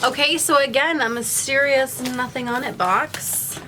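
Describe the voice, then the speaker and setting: A woman's voice: high voice, unhurried, background noise. A woman with a young daughter gushing through an unboxing vlog, gasping and repeating exclamations. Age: adult, a mother. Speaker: YouTuber unboxing a gift box.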